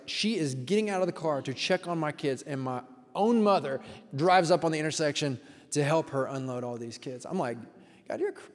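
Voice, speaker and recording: A man preaching in a slightly raised voice, talking to his congregation the way he would over coffee. He questions the room and tells personal stories in a loose, chatty way. His voice rings out with a long tail of reverb from the hall. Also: on the high side. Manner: casual, storytelling, engages the congregation with questions. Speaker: pastor. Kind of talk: conversational sermon.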